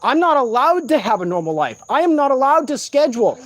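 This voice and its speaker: A man's voice: extremely high pitch, sing-song, a little fast. A sleep-deprived man in an agitated, profane rant, speaking in a room of a shared home late at night. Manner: agitated, profane, repetitive ranting.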